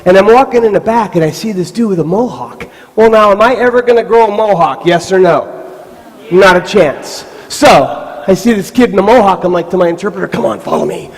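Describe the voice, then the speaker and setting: Man, motivational speaker, high voice, long hall reverb, lively storytelling to a crowd of kids. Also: fairly quick. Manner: animated storytelling with voiced asides. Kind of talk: live motivational talk to a youth camp. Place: large hall with live audience. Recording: stage mic in a reverberant hall.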